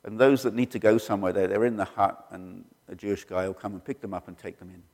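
A middle-aged preacher tells stories in a sermon, speaking fast and animatedly. He acts out quoted voices with sudden leaps in pitch, and the recording carries a long hall reverb.

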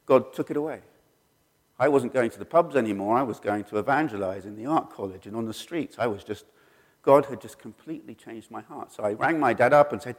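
A man's voice: mid-range voice, brisk. A middle-aged man telling his personal faith story in an earnest, storytelling way, acting out the people he quotes. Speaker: speaker sharing his testimony. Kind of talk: personal testimony. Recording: long hall reverb.

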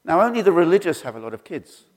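Speaking quickly, a middle-aged man delivers sermon stories with lively energy, jumping abruptly in pitch as he voices the characters he quotes. Long reverb from the hall trails his words.

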